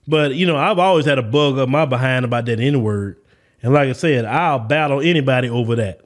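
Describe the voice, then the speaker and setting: A man's voice: medium pitch, fairly quick. A man with a Southern US accent hosting an opinion podcast, talking in a preachy, emphatic, lecturing way. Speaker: podcast host.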